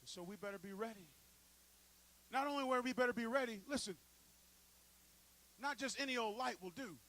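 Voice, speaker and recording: A man preaching a sermon in a church, telling stories and building up to loud peaks. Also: very high-pitched, a little fast, slight background noise, low-quality recording. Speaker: pastor. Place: church sanctuary.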